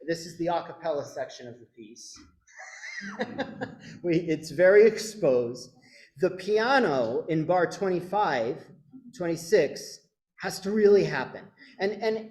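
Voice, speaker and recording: Male choir director, lively pitch, rehearsal instruction, roomy echo, faint piano behind. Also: unhurried. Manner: animated, coaching, demonstrates sung phrases.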